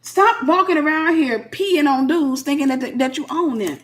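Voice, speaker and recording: A woman's voice: sits high, moderate pace. A middle-aged woman, preaching informally to single women in a blunt, sassy way and acting out the voices she quotes. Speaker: minister speaking to single women.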